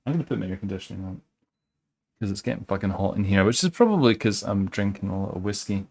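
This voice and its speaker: Male streamer, low voice, rambling and sweary, casual play commentary from home. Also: animated, fast, darkish tone. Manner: rambling, sweary, many fillers and restarts. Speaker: game streamer.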